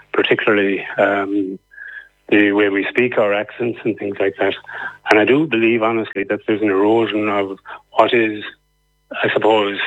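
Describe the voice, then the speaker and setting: An Irish man calling in to a radio show, earnest and hesitant, with many ums as he makes his case. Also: fairly low pitch. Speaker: radio caller. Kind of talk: phone-in opinion. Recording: tinny phone line.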